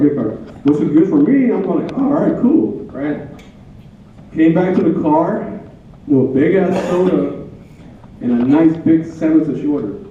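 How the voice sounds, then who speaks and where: A widower with a slightly high voice, accompanied by a little hiss or hum, gives a rambling, heartfelt tribute to his late wife, telling anecdotes and repeating phrases. It's personal storytelling captured tinny and distant in an echoey hall.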